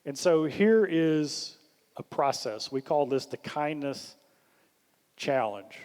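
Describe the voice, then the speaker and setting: A man speaks to a workshop audience, animated and coaching, often lifting his voice to act out the questions he recommends. His voice sits a little high for a man. The sound carries the long reverb of a large hall. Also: slow. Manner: animated, acts out questions in a lifted voice. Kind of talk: leadership workshop talk.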